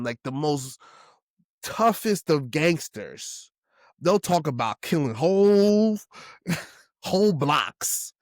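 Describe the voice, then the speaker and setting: A man in his forties speaks slowly and openly on his solo podcast. His voice sits at a middle pitch, jumps up and down as he restarts thoughts, and he drops casual curse words. The sound is close and dry, with no room around it. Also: dry recording. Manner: candid and emotional, casual with swearing; halting restarts, pitch swinging widely. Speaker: podcast host.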